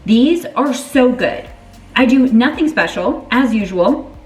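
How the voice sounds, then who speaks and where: A young woman vlogging in a casual, chatty way, excitable and full of fillers and restarts as she talks to her camera. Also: a little high, slow, slightly rough, poor audio. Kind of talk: casual vlog chat. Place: car, then store and home. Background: music.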